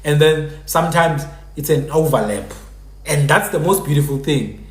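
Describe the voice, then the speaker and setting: A man's voice: fairly high pitch, animated, normal speed, reverberant. A man hosting a live stream, explaining in a casual lecturing way and repeating sounds to demonstrate them. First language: Sephuthi.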